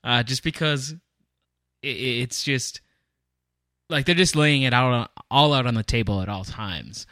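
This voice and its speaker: A man's voice: medium pitch, unhurried, sharp tone, no echo, studio quality. A man co-hosting a casual podcast chat, talking in long, thoughtful runs full of fillers. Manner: rambling, thoughtful, many fillers. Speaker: podcast co-host.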